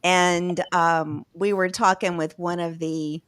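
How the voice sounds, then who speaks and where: A woman with a Southern US accent chats in a relaxed way, laughing often. Her voice sits a little low. The recording is dry and close. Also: takes it slowly, clear, resonant tone, no room sound. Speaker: podcast co-host. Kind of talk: casual chat.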